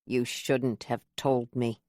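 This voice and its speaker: A woman voicing a hurt, withdrawn young man who speaks curtly and softly. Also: extremely low pitch, flat delivery, takes it slowly, no echo, clean studio sound, pitched below the performer's own voice. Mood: brooding. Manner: curt, subdued.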